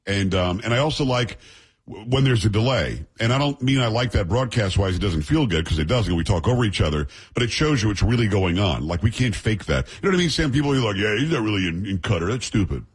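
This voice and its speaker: A man's voice: lowish voice, lively intonation, fast talker, breathy edge. A middle-aged man hosting a radio talk show, chatting and joking casually with his sidekick. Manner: chatty, jokey banter with sidekick.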